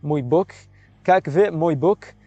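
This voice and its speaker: An American man streaming live in casual commentary, halting and repeating words as he slowly sounds out foreign phrases. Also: a little high, warm tone, no echo, dull audio. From United States.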